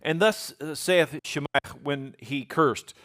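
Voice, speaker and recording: A man with a somewhat high voice teaches from the Bible. He has a relaxed, folksy delivery and mixes plain modern phrasing with read-aloud verses in older English. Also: slow pace. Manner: folksy, retells scripture in everyday words, reads King James verses aloud.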